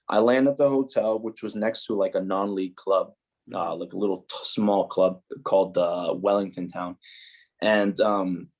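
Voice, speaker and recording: Low-voiced New man telling stories. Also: normal speed. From New Jersey, USA. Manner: animated, heavy use of "like" and "you know". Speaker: podcast guest, footballer. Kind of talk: casual storytelling chat.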